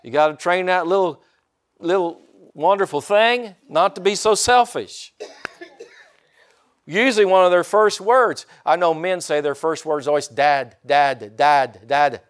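With a high, animated voice and an unhurried pace, this older Indiana pastor gives a down-home sermon. Again and again he asks his congregation for an amen.

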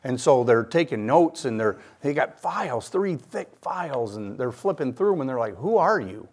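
A man's voice: mid-range voice, animated, moderate pace, a little mellow. A middle-aged man from Michigan giving his personal faith testimony, telling it earnestly and acting out the voices of people he quotes.

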